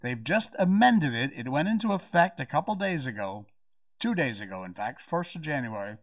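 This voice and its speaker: Wry, animated American man hosting a podcast. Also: a little high, normal speed. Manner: wry, animated, dramatic stretched words. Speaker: podcast host. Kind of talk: casual podcast commentary. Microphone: podcast mic.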